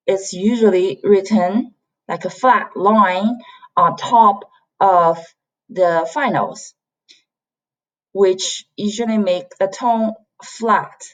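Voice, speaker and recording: Slow, patient woman teaching Chinese. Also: mid-range voice, poor audio. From China. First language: Mandarin Chinese. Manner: slow, patient, demonstrates sounds by repeating them. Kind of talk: online language lesson.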